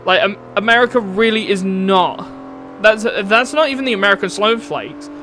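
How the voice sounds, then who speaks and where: A man's voice: high-pitched, moderate pace, sharp tone, slight background noise. A British man streaming a racing game, ranting bluntly and opinionated, swearing now and then. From United Kingdom. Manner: opinionated, blunt, swears, laughs at own jokes. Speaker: gaming streamer. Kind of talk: casual rant while playing.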